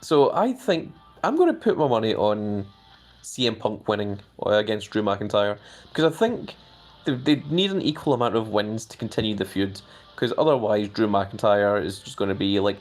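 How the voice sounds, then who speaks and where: Chatty male streamer reading viewer comments. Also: moderate pace. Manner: chatty, reads out viewer comments with lively jumps in pitch; hedging with many fillers. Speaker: live stream host. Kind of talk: casual live-stream chat.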